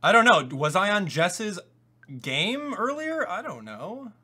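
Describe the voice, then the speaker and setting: Young male game streamer, higher pitched, animated, erupts into shouts of disbelief. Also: takes it slowly, breathy edge, soft background music. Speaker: gaming YouTuber. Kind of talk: live-stream gameplay commentary.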